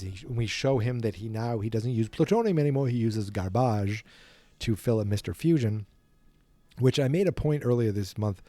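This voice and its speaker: A man's voice: medium pitch, expressive, moderate pace, mellow, no echo. A man hosting a podcast, casually retelling a film from memory in a rambling, self-deprecating way. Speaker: podcast host.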